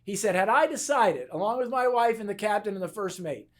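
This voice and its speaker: A man giving a motivational keynote talk on leadership, telling stories and acting out both sides of the dialogue in an animated way. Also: sits high, fairly quick. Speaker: keynote speaker. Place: conference stage.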